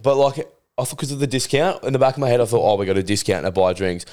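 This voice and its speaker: A man's voice: medium pitch, steady tone, fast, a little mellow. A young Australian man co-hosting a podcast, chatting casually in laid-back slang. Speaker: podcast co-host. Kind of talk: casual chat.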